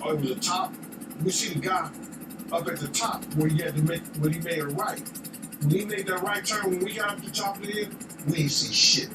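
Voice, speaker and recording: A man's voice: sits high, fairly quick, over loud music. A man telling a long street story in casual, profane talk, often asking "you know what I'm saying". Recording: echoey, distant, noisy.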